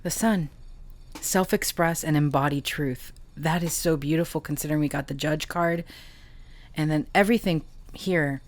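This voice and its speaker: A woman giving a tarot reading, talking softly and emotionally, with halting pauses. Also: low voice. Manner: slow, soft, emotional and halting. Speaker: tarot reader and channeler.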